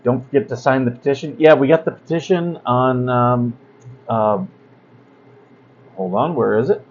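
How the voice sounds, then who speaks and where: A man's voice: medium pitch, moderate pace, dull audio. A man hosting a casual livestream talk, blunt and rambling, with many fillers and asides. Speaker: host.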